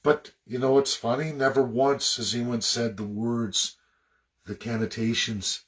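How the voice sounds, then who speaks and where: A man from Canada delivering an impassioned, preachy monologue, swinging between loud outbursts and low muttering. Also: fairly even intonation, a little slow. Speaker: political commentator.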